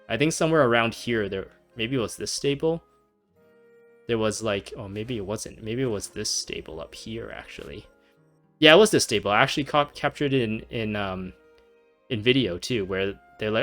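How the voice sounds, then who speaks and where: Man, lowish voice, casual game commentary, chatty, laughs a lot, faint music under. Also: lively intonation, brisk, a bit bright. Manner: chatty, laughs often, many fillers. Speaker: gaming channel host. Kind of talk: casual let's-play commentary.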